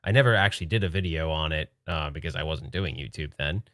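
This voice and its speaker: A man's voice: very deep voice, fast talker, dry recording, studio quality. A man hosting a late-night livestream from home, chatting casually, joking and laughing while trying to keep his voice down. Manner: laughing, joking, excitable but hushed. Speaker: livestream host.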